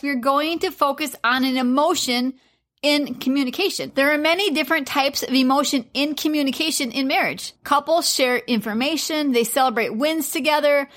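Woman, high-pitched, open and easy-laughing co-host of a faith marriage podcast. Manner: warm, open, laughs easily.

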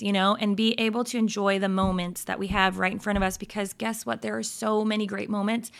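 A woman's voice: medium pitch, little pitch movement, brisk, vocal fry, few pauses. A woman in her thirties giving a casual devotional encouragement talk, upbeat and chatty, often checking in with her listeners and laughing easily. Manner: laughs easily, trails into asides. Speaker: Christian women's encouragement host.

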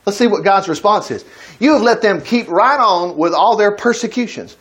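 Animated high-voiced man teaching Bible. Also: moderate pace. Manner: animated, reads scripture aloud and acts out the characters' lines; chuckles and breaks off to comment mid-reading.

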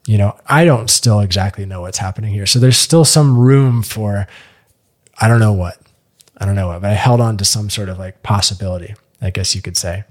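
A man telling a personal story on a podcast in a casual, animated way, swearing freely and acting out the voices of people he quotes. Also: on the low side, a little fast.

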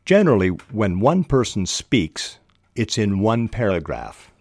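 An older man talks through writing techniques in a deep, low voice. He is unhurried and restarts his sentences now and then, with an occasional filler. The sound is close and dry, with no room around it. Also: very animated, no room sound. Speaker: podcast host teaching fiction writing. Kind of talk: instructional talk on writing.

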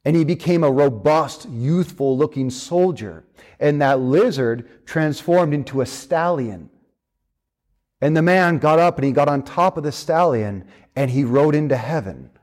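A man's voice: fairly high pitch, lively intonation, measured pace, a little mellow. A man preaching a sermon in a conversational way, with casual fillers and restarts.

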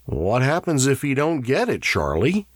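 A man's voice: on the high side, huge pitch swings, measured pace, slightly rough, no echo, clean studio sound, voice pushed up, exaggerated voice. A man voicing a nervous, kindly crewman who talks hesitantly and coaxingly. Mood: fretful.

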